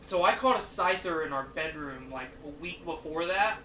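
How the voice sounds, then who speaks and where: A man's voice: on the high side, expressive, normal speed, bright, forceful tone, slight background noise. A man hosting a podcast in casual chat, a rambling storyteller who swears a lot. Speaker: podcast host. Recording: echoey room, distant mic.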